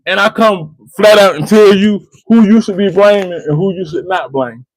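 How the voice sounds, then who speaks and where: A man with a high-sitting voice hosts a call-in debate stream, lecturing a caller at a normal speed. He keeps saying the caller's name and restarting his sentences. The recording is dry and the audio quality is poor.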